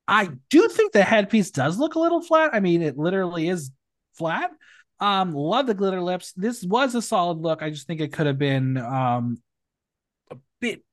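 Male podcast host, casual recap chat, opinionated, very lively pitch, dry close sound. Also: no echo. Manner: animated, opinionated, swings between loud and hushed.

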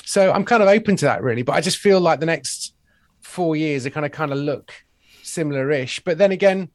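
A man's voice: on the high side, fairly quick, dry recording, clean studio sound. A man in his forties, a comedy writer chatting as a podcast guest, wry and self-deprecating. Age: 40s. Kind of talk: casual chat.

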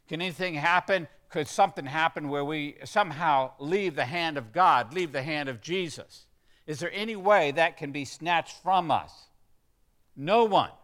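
A man preaching a sermon, emphatic, leading the congregation in call-and-response and swinging between quiet and loud. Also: a little high. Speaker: pastor.

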